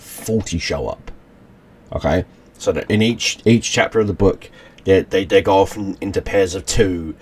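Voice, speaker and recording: A man's voice: low-pitched, darkish tone. A man hosting his channel, casually retelling a story he wrote, rambling with many restarts and fillers. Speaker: channel host. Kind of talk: casual story recap to camera.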